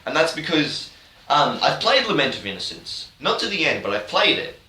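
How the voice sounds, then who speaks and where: A man's voice: a little high, big pitch swings, normal speed, sharp tone, recorded from a distance. A man retelling a video game story as a joke, talking in a rambling, irreverent, offhand way. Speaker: YouTuber. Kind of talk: comedic game-story recap. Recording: roomy, off-mic, faint hiss.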